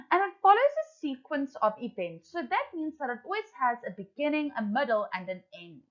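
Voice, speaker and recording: A woman teacher giving an English lesson to children, explaining in a brisk, clear way. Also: on the high side. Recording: dull lo-fi recording.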